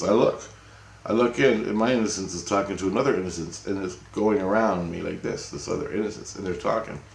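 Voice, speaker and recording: A man tells a rambling story in a low, gravelly voice, dropping casual curses and frequent "right?"s. The recording carries a noticeable roomy echo. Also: slight background noise. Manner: rambling, profane, keeps asking "right?".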